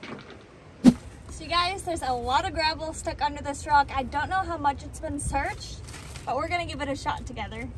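A woman's voice: sits high, normal speed, background noise. A woman vlogging outdoors on a rocky ocean beach, gushing to viewers as "you guys". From United States. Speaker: vlogger and rockhound. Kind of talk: casual vlog talk to viewers.

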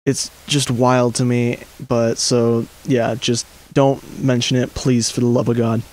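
A 3D printing channel host rants to camera in an exasperated, rambling way, often correcting himself mid-sentence. His voice is medium-pitched and darkish, with a flat delivery and a slightly slow pace. He comes across as frustrated.

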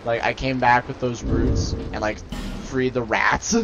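A young man giving joking, rambling commentary as he plays a video game, dropping to mumbles and then bursting into loud rants. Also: mid-range voice, flat delivery, slow pace, muffled recording, over music. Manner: rambling, jokey, swings from mumbling to loud outbursts. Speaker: gaming channel host. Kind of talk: Let's Play commentary. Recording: loud background noise.

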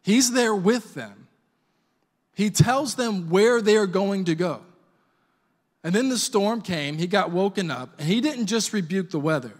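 High-voiced male pastor in reverberant hall. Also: expressive, a little slow, slightly rough. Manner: conversational, joking storyteller. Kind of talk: sermon. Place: church sanctuary.

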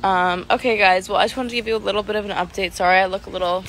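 A woman's voice: mid-range voice, steady tone, racing, a bit bright, rough recording. A woman singer chatting casually with fans on a phone live stream from home, rambling with lots of "like" fillers and giggles.

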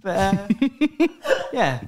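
A man co-hosting a podcast in casual chat, making short quick remarks and chuckling. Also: sits high, wildly swooping pitch. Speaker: podcast co-host. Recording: noisy background with clicks.

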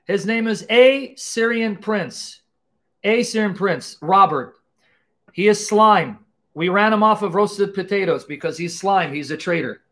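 Man, high voice, taunting live-stream debate host, mocking, combative. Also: measured pace, a bit bright.

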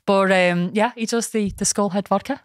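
A woman's voice: medium pitch, steady tone, moderate pace, no room sound, clean studio sound. A woman with a Scouse accent hosting a podcast, chatting and telling stories with frequent laughs. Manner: chatty storyteller, laughs often. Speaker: podcast host. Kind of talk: casual chat.

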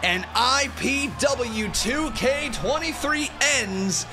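High-voiced excitable male stream commentator. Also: slow pace, music in the background. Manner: excitable, shouting play-by-play. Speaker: streamer and host of the series. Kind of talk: live-streamed play-by-play commentary on a simulated wrestling match. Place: at a desk.

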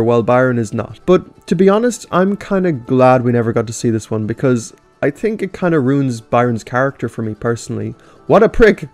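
A man reading children's story outlines aloud, then giving his frank, casual opinions on them with mild swearing. His voice sits at a middling pitch. Faint music plays behind. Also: darkish tone. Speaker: YouTube commentator.

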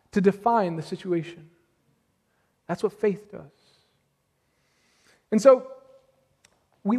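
A man preaching a sermon as pastor, animated and full of rhetorical questions to the congregation. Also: high-pitched. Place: church sanctuary. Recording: long hall reverb.

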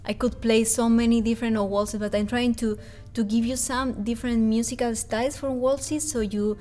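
A woman's voice: on the high side, fairly even intonation, moderate pace, dark tone. A woman from Spain with a Spanish accent, explaining and counting rhythms as a ballet class pianist in a music tutorial.

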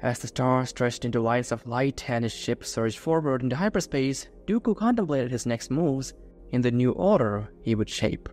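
A man's voice: mid-range voice, lively intonation, normal speed, darkish tone. A man narrating a science-fiction fan-fiction story in a scripted, dramatic storytelling manner. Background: faint music.

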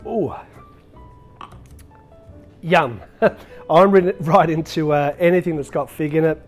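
A man bartending on his own show talks through each drink in a loose, cheerful way. His voice sits a little high, and he scatters filler words as he chats. Soft music plays faintly underneath. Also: slow. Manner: chatty, upbeat, with frequent filler words. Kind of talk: casual cocktail demonstration.

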